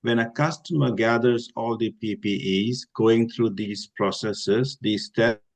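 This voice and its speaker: A man judging a hackathon, asking a measured, polite question. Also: lowish voice, fairly even intonation. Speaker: hackathon judge.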